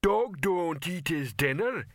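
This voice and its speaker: A man voicing a slow, dim-witted male troll laborer who speaks in broken grammar. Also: on the high side, animated, dry recording, clean studio sound, pitched above the performer's own voice. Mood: blunt.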